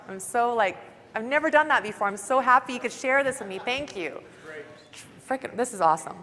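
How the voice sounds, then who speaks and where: A woman's voice: fairly high pitch, fast talker, a crowd in the background, noisy background. A young woman giving an upbeat motivational talk at a conference, chatty and saying "like" often, recorded on a stage mic. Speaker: conference speaker. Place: large conference hall. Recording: long reverb of a large hall.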